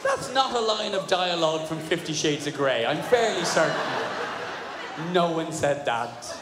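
A middle-aged man performing a fast, animated stand-up comedy routine, slipping into put-on voices. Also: on the high side, noisy background. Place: large venue with audience. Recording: echoey hall with audience ambience.

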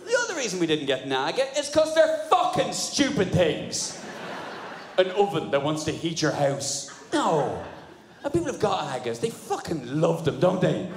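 A man's voice: fairly high pitch, moderate pace. A man, performing a sardonic, sweary stand-up routine at a live comedy venue on a stage mic. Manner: sardonic, sweary, animated storytelling. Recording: echoey live room with audience noise.

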